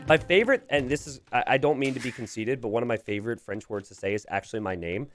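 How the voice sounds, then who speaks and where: Man, esports caster, lively swinging pitch, playful banter, easy laughs. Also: soft background music. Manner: animated, joking, quick to laugh. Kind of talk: live game commentary with banter.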